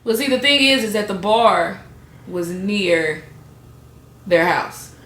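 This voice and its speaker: A woman's voice: medium pitch, lively intonation, slow pace, a bit bright. A woman podcast host retelling a true crime story in a dramatic, playful way. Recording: echoey room.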